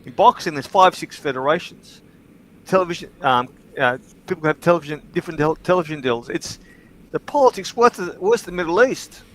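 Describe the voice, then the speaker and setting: A man hosting a livestream, telling stories in casual chat, swearing freely and getting animated in bursts. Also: fairly high pitch, a little fast, low-quality recording. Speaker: livestream host.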